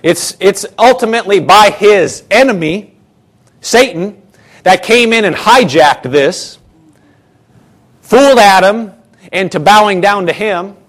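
A man's voice: high-pitched, expressive, slow pace, pauses often, fairly bright tone. A man preaching a sermon in an earnest, conversational way, acting out quoted thoughts.

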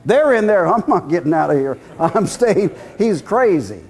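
Male preacher, high voice, animated storyteller who acts out voices. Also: normal speed. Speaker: guest preacher. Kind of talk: sermon.

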